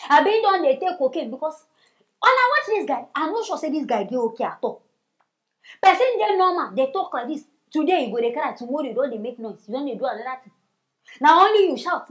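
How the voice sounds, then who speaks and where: A Nigerian woman hosting a comic celebrity news show, mocking and scolding in gossip commentary. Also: sits high.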